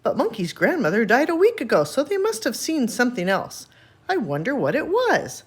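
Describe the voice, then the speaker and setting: A woman's voice: a little high, huge pitch swings, normal speed, breathy edge, exaggerated voice. A woman voicing a suspicious, gossiping wild boar in a storybook reading, with a fussy manner. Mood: gossipy.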